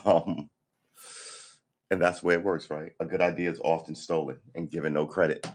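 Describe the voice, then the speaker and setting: A hoarse man hosting a casual morning live stream, rambling through a story and laughing at himself. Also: deep voice, fairly even intonation, moderate pace, slight background noise.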